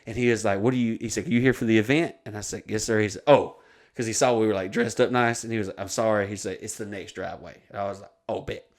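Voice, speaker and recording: This man's comic podcast story comes fast, in a lowish voice with hardly any pauses. He's profane and animated, doing the voices of the people he quotes.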